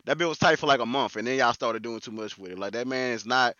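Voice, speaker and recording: A man co-hosting a casual chat, slangy and animated, often quoting himself. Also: mid-range voice, fast, no room sound, highs cut off. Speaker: podcast co-host.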